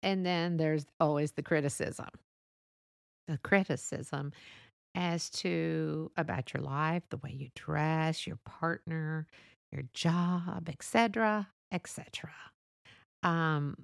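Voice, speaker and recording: A woman's voice: low voice, slow pace, gravelly, smooth, no echo, studio quality. A woman vlogger talking casually to camera, chatty and laughing often as she acts out what friends say. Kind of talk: casual monologue.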